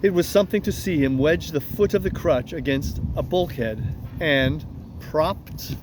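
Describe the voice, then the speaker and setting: Man reading a story aloud, slightly high voice. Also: background noise. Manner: unhurried reading with asides. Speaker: audiobook reader.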